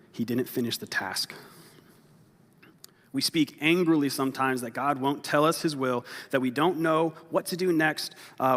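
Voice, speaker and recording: A male pastor preaching a midweek sermon, telling a history story with humor and acting out voices. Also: medium pitch. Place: church sanctuary. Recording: long hall reverb.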